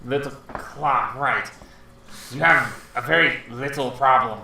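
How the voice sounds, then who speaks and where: A man running a tabletop game as game master, narrating with animated, playful storytelling. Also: mid-range voice, measured pace, gravelly. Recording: echoey room, far from mic, noisy.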